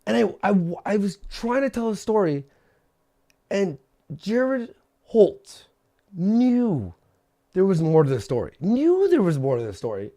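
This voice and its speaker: A man's voice: sits high, very animated, measured pace, long pauses, mellow. A man ranting angrily on a livestream, agitated and swearing, often repeating himself. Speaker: streamer. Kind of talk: angry livestream rant.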